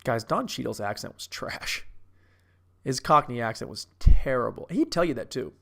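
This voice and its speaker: A man's voice: mid-range voice, big pitch swings, normal speed, vocal fry. A man in his thirties giving a brash, profane and rambling comedic movie review. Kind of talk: casual comedic rant.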